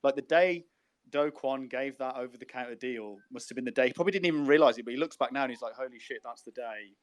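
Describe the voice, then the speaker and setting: Animated man. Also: medium pitch, fast talker. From Birmingham, England. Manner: animated, swears casually, repeats words when starting a sentence. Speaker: podcast co-host. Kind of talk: casual podcast chat.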